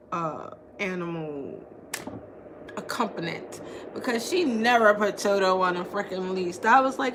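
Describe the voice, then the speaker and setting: A woman's voice: a little high, a bit bright, a little hiss or hum. A woman in her thirties chatting casually to her vlog viewers, rambling and playful, with lots of "like" and restarts. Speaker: vlogger.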